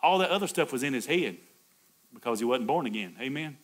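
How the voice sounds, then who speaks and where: A male pastor preaching a sermon, swinging from loud, high exclamations to soft, low asides and chuckling between points. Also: animated, a little fast. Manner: call-and-response preaching, laughs between points.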